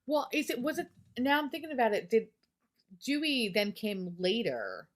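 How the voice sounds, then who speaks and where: A woman's voice: a little high, sing-song, normal speed. A woman co-hosting a podcast, chatting casually about a horror film with crude jokes and frequent laughs. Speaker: podcast co-host. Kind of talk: casual chat.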